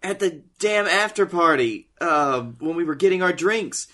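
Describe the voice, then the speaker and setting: A man with a fairly high voice chimes in casually on a podcast. He drops in quick jokes and brief, opinionated rants. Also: sharp tone. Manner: jokey interjections, short opinionated rants. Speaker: podcast co-host. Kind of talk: casual chat.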